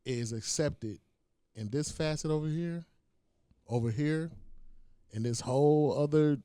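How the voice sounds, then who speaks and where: A man who is a comedian and teacher, chatting as a podcast guest in an expressive, reflective way. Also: fairly high pitch, unhurried, clean tone, no room sound, clean studio sound. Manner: expressive, reflective, lots of "like" and restarts. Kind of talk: casual interview chat.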